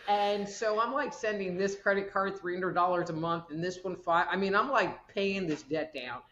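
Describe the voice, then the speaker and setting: A woman's voice: mid-range voice, normal speed, a bit bright. Woman guest, rambling storyteller, echoey muffled recording. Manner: rambling, acts out quoted voices. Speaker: guest, medical intuitive. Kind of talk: casual storytelling chat.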